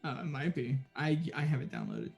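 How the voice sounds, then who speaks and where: A man's voice: fairly high pitch, wildly swooping pitch, a little fast, gravelly, soft background music. A man playing in a tabletop game, giving short, matter-of-fact answers. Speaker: player.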